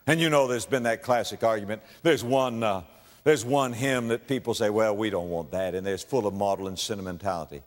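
A man preaching a sermon, dramatic, swinging from hushed tones to loud exclamations in a church. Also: medium pitch. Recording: long reverb of a large hall.

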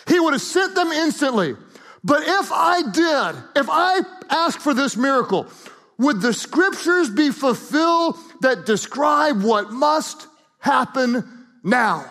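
A man's voice: very high-pitched, very animated, slow pace, fairly bright tone, long reverb tail. A male pastor preaching a dramatic sermon, acting out scripture scenes and calling on the congregation to repeat lines.

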